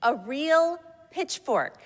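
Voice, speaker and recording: An eager, lisping toddler boy, not quite three, chirps his wishes in a high, bright little voice, as a woman puts him on for a read-aloud story. The words come slow and careful, and a long echo trails behind them in the room. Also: sing-song, heavily acted.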